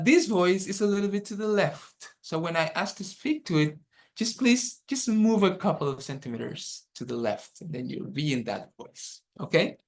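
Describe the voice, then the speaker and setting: A man teaching a dharma workshop over a video call, guiding the group through an exercise and checking in often. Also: high-pitched. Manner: unhurried, checks in often with "okay?".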